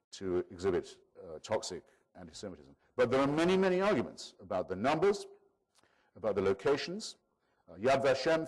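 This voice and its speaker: Wry low-voiced male lecturer. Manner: measured, wry, digressive. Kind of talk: public lecture.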